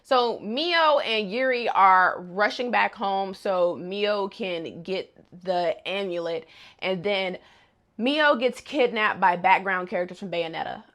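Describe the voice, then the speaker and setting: A woman recaps an anime episode in a chatty, laid-back way. She peppers the story with slang and jokes, and her pitch sits right in the middle. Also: slow, fairly bright tone. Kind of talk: casual recap chat.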